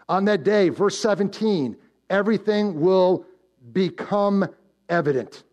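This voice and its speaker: A man preaching a sermon as pastor, swinging between loud emphatic build-ups and hushed low warnings, telling stories and posing questions to the congregation. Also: a little slow, dull audio. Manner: storytelling with direct questions to the congregation. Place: church.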